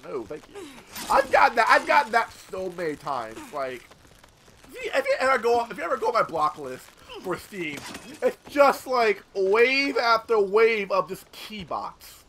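A man's voice: high-pitched, sing-song, normal speed, sharp tone, slight background noise. A man hosting his gaming channel, rambling in casual gameplay commentary with lots of swearing and filler words.

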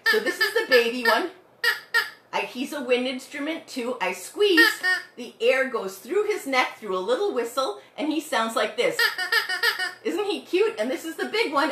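A woman's voice: sits high, fairly bright tone, echoey room, far from the mic. Bubbly fifties woman teaching kids music. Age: 50s. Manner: bouncy, playful, sings call-and-response songs. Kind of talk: live online kids' music class.

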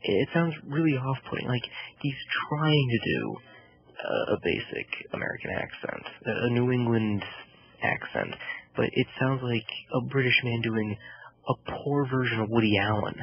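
A man's voice: mid-range voice, normal speed, slightly rough. A man co-hosting a casual film review podcast, ranting animatedly about a movie. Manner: animated, ranting, mimics voices. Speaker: podcast co-host. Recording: dull lo-fi podcast audio.

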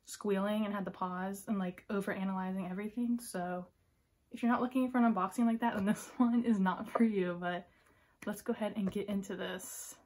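A woman filming an excited unboxing vlog, giddy and gushing, often dropping to a hushed whisper. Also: medium pitch, fairly quick. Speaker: K-pop fan vlogger.

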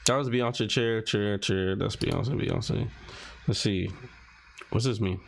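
Slow-talking man reacting to posts. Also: on the low side, creaky. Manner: reads captions aloud, muttering and reacting. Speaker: commentary vlogger. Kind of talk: casual commentary while scrolling social media posts.

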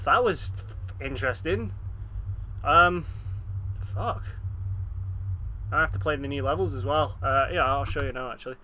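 A man recording let's play commentary on a horror game, swearing and yelling when startled and reading in-game notes aloud in a flat voice. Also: on the high side. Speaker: gaming channel host.

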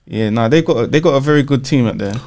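A man's voice: mid-range voice, darkish tone. A man chiming in agreeably during a casual football podcast chat. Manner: agreeable, quick affirmations. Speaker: podcast co-host.

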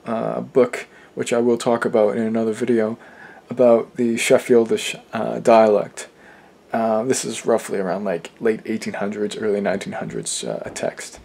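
A young man hosting a casual personal vlog, talking in a soft, earnest and halting way. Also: medium pitch, creaky. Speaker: channel host.

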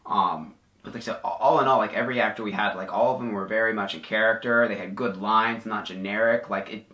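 A man's voice: fairly low pitch, fast. Chatty man reviewing in an echoey room. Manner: excited, rambling with many "like"s. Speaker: haunted attraction reviewer. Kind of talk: casual review chat.

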